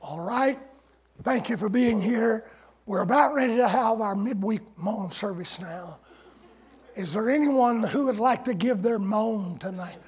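Preacher guy, real husky voice, high, folksy and sarcastic, hollers now and then. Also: measured pace. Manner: folksy, sarcastic, shouting climaxes. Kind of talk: sermon.

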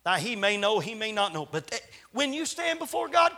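High, bright-voiced impassioned male preacher. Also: sing-song, normal speed. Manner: impassioned, swings between loud appeals and hushed quoted asides. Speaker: traveling preacher. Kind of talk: sermon.

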